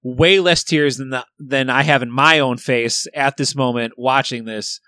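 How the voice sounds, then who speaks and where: A man's voice: mid-range voice, steady tone, unhurried, bright, forceful tone, no room sound, studio quality. A man in casual podcast chat, retelling a favorite sitcom episode in a rambling way, swearing freely and using lots of fillers. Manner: rambling, profane storytelling with many fillers.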